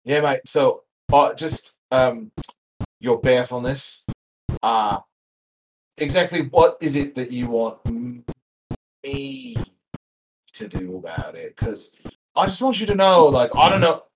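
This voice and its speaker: A man's voice: mid-range voice, sing-song, takes it slowly, long pauses, noisy background. A man voicing a flippant young male parakeet who mocks his estranged father. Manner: flippant, laughing, swearing.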